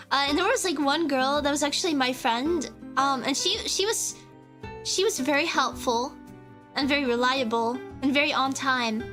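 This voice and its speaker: A woman's voice: high voice, fairly bright tone. A young woman from the United States streaming a casual chat, rambling and giggly, often cutting herself off mid-sentence. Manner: rambling, giggly, self-interrupting.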